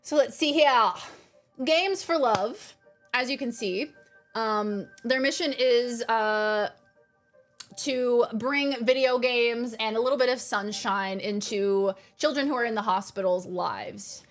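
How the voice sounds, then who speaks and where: A woman's voice: a little high, a little slow, soft background music. A young woman streaming a video game, chatting with her viewers in a playful, jokey way. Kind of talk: casual live-stream chat.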